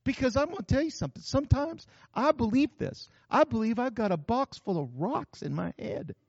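A man's voice: very high voice, expressive, a little fast, no echo, lo-fi sound. A man preaching a sermon in a folksy, joking way. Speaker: pastor.

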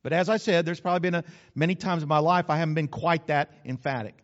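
Folksy preacher, high voice. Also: male voice, quick pace, muffled recording. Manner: folksy, conversational preaching with acted asides. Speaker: pastor. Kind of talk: sermon.

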